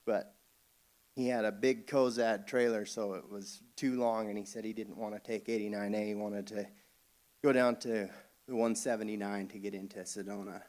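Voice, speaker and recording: Halting man telling a family story. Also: lowish voice, steady tone, darkish tone. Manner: halting, with frequent restarts and chuckles. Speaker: family member giving a eulogy. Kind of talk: storytelling at a funeral service.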